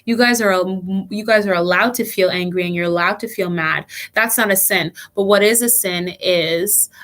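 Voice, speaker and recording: A woman's voice: medium pitch, fairly bright tone. Earnest woman leading a kids' lesson. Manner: earnest storytelling with frequent restarts. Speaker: children's church leader.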